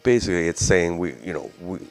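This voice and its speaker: Deep-voiced blunt Canadian man ranting. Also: fast talker, faint music behind. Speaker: host. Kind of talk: opinion commentary on news.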